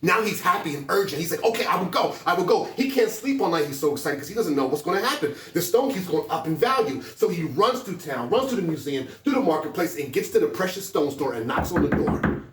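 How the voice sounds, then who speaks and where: A man with a somewhat high voice speaks fairly quickly and with animation as a motivational speaker in a school hall. His story to the students builds toward urgent emphasis, captured from a distance in an echoey room with soft music in the background.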